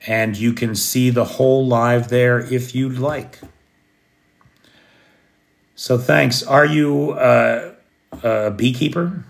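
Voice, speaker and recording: American male host, gravelly, rambling and chatty on a live stream. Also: mid-range voice, fairly even intonation, slow, long pauses. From United States. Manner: rambling, chatty, restarts and fillers. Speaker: livestream host. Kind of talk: casual live chat reading comments. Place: living in Kyiv, recording at home at night.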